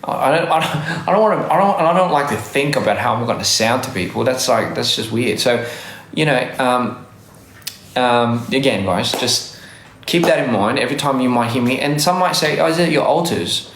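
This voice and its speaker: A man's voice: medium pitch, normal speed, fairly bright tone, slight background noise. Man, diluted Aussie accent, loose live-stream chatter, roomy echo on a phone mic. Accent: Australian English, softened by years abroad. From Australia. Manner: rambling, self-correcting, frequent laughs. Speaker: livestreamer. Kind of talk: casual live-stream chat reading comments.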